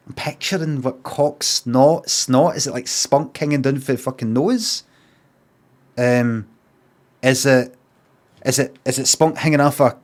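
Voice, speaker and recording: A Scottish man streaming, telling a story in a casual, sweary rant and acting out both sides of an argument in quick asides. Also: mid-range voice.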